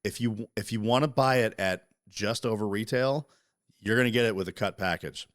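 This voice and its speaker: Deep-voiced man, profane casual chat. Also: normal speed, no room sound, studio quality. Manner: profane, animated, talks through interruptions. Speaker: podcast co-host.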